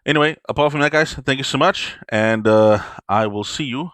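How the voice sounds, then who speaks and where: A man's voice: mid-range voice, moderate pace, a bit bright, no room sound. Blunt man ranting on his gaming channel. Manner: frustrated, blunt, rambling rant. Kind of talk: ranting commentary vlog.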